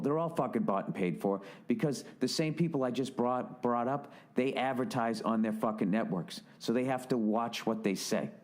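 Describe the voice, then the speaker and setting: A man's voice: on the low side, a little mellow. A man hosting a podcast, delivering an exasperated, heavily profane solo rant with sarcastic, mocking asides. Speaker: podcast host.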